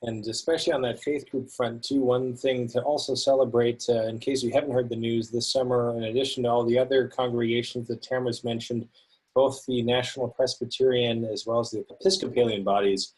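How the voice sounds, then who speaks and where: A man with a slightly husky, mid-pitched voice co-presents a webinar. He is enthusiastic and keeps an easy, conversational flow, dropping in frequent uhs. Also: little pitch movement, brisk, darkish tone, low-quality recording. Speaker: volunteer education coordinator.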